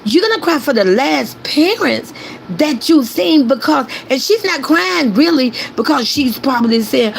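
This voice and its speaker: A woman's voice: high voice, lively intonation, unhurried, creaky, a little hiss or hum, low-quality recording. A woman hosting a commentary stream, ranting emphatically and repeating points while calling on her chat to agree. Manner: emphatic, repetitive, addresses chat directly. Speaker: commentary host.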